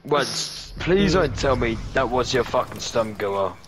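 A man's voice: mid-range voice, animated, a little slow, noisy background. A man on a gaming headset, trading crude, swearing banter in casual voice chat. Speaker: gamer in voice chat.

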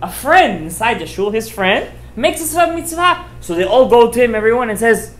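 A man, a rabbi giving an informal sermon, telling stories with emphatic, animated delivery and sprinkling in Hebrew and Yiddish terms. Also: very high-pitched, brisk, hardly any pauses. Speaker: rabbi giving a Torah class. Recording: roomy echoey room.

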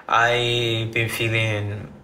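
A man with a lowish, bright, forceful voice talks unhurriedly to his live viewers. He rambles, trips over his words and starts sentences over. The room around him rings with echo. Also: level tone, drawn-out words, a little hiss or hum. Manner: rambling, restarts phrases, reacts to comments. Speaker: livestreamer. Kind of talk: casual live chat with viewers.

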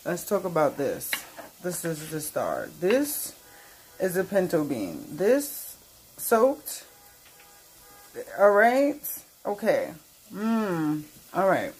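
Sassy woman hosting a slow cooking demo. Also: on the low side, huge pitch swings, darkish tone, husky, low-quality recording. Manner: playful, sassy, talks straight to viewers. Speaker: cooking channel host. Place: home kitchen.

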